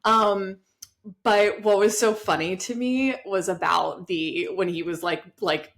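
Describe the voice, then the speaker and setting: A woman's voice: medium pitch, fairly even intonation, unhurried, a bit bright. A woman co-hosting a podcast, talking casually and animatedly, with many fillers and some swearing. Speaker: podcast co-host. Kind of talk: casual conversation.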